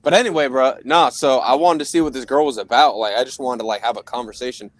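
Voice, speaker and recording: Young man, podcast co-host, casual chat, rambling profane storytelling, mid-pitched voice. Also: quick pace, no echo.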